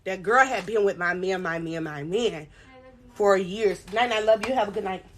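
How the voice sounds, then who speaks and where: A woman's voice: medium pitch, moderate pace, background noise. A young woman hosting a live stream, dramatically retelling a story and reading the chat aloud.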